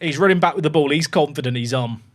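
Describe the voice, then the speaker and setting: A young man giving excitable, chatty live commentary while streaming a football management game, swearing casually as he talks to his chat. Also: fairly high pitch, fast. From England.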